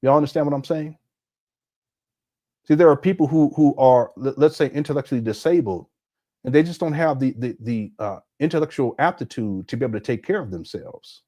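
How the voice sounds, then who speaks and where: A man's voice: medium pitch, a little fast, mellow. A middle-aged man hosting a casual livestream, talking emphatically to his chat and often laughing. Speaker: livestream commentary host.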